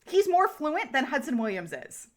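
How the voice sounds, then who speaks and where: A woman co-hosting a chatty podcast, her voice sitting a little high. She gets excited quickly and swears freely, talking in fast rushes between tangents. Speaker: podcast co-host. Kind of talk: casual chat.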